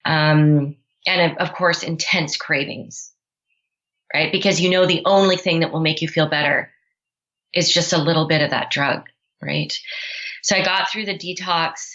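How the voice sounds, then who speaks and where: A woman's voice: low-pitched, fairly even intonation, a little slow, a bit bright, lo-fi sound. A woman guest in a podcast interview, telling her story candidly with many "you know" and "right?" asides. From Canada.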